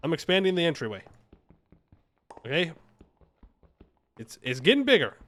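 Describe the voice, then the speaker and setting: Joking around with his viewers while playing a game live, this man acts playfully defensive. He speaks at a normal speed in a slightly high, bright and very animated voice.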